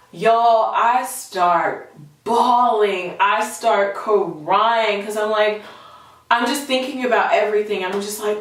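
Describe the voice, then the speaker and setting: A woman's voice: mid-range voice, slow. A young woman in her twenties, telling a personal story to camera in a candid, chatty way, full of fillers. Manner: candid, chatty, animated retelling with lots of fillers. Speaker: vlogger. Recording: very echoey room, voice far from mic.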